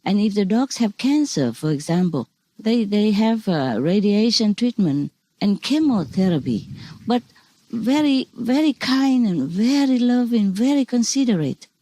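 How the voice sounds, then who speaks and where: A woman's voice: medium pitch, sing-song, a little slow, mellow, no echo. A woman speaking as a spiritual teacher in an informal talk over a video call, rambling and repeating words for emphasis.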